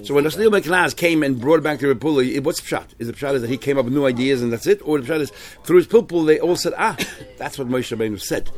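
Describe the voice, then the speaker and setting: A man's voice: mid-range voice, fast, few pauses, a little mellow. A man teaching a Talmud class in English, mixing in many Hebrew and Yiddish terms and often restarting his sentences. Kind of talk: Talmud shiur, explaining texts.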